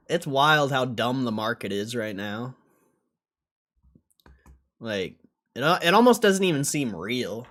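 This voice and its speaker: A young man casually reacting and commentating on a livestream, loose and swearing, often getting loud. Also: medium pitch, animated, takes it slowly, long pauses. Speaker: stock streamer.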